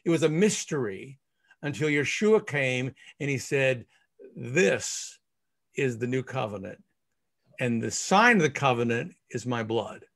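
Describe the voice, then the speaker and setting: A man's voice: medium pitch, animated, unhurried, vocal fry, fairly bright tone. A man speaking as a rabbi, explaining scripture in an emphatic teaching manner. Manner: emphatic, stresses key words in quoted scripture. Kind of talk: Bible teaching discussion.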